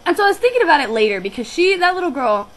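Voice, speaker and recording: A woman's voice: very high-pitched, very animated, racing, low-quality recording. A young woman who works on a guest ranch, telling a personal story in a chatty, reflective way with frequent restarts.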